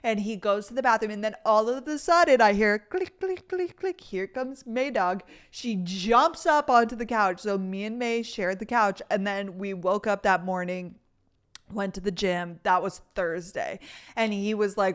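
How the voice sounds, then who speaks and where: A young woman in her twenties hosting a podcast, telling a story in a chatty, animated way, full of "like" and "you guys". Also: mid-range voice, normal speed. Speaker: podcast host. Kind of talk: casual storytelling chat.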